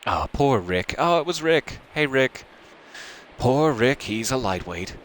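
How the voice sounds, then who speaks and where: A man's voice: mid-range voice, lively intonation, slow, fairly bright tone, a little hiss or hum, rough recording. A man hosting a let's play, reading the game's text aloud and adding dry, self-mocking asides.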